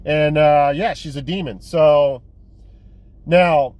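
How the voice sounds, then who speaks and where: A young man with a somewhat high voice rambles casually about films he collects. He swears freely and keeps restarting his sentences with "uh" and "man." The tone is loose and unscripted, a vlogger talking off the cuff. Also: takes it slowly, a little mellow, no room sound. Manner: profane, rambling, lots of fillers and restarts. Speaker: physical media collector vlogger. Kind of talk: casual rambling movie review.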